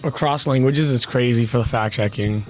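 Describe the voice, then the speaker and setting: A man with an average-pitched voice drops short, dry remarks into a casual podcast conversation. Faint music plays quietly beneath him. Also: fairly quick. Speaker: podcast co-host. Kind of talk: casual chat.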